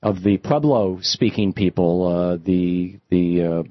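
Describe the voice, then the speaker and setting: Low-voiced male radio talk host. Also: slow pace, dry recording, lo-fi sound. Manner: conversational, thinks aloud with restarts.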